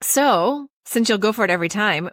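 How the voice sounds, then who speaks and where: A woman's voice: medium pitch, animated, a little fast, fairly bright tone, dry recording, clean studio sound. A woman co-hosting a podcast in casual chat, rambling a little and laughing often as she asks her co-host questions. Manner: rambling, with many fillers.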